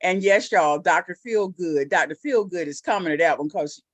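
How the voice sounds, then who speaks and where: A woman's voice: normal speed, dry recording. A woman hosting a casual live-stream talk show, playful and sassy, joking with her co-hosts. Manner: playful, sassy, drops into a mock deep voice.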